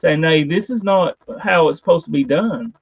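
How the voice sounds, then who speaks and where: Man, stream host, high voice, hesitant and rambling, muffled lo-fi audio. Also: normal speed, vocal fry, no room sound. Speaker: livestream host. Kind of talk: casual chat.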